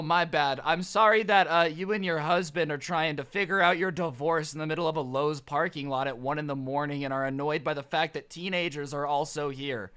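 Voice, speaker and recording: A young man telling a comedic story on his vlog in a sarcastic, animated way. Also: fairly high pitch, clear, resonant tone. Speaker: storytime vlogger.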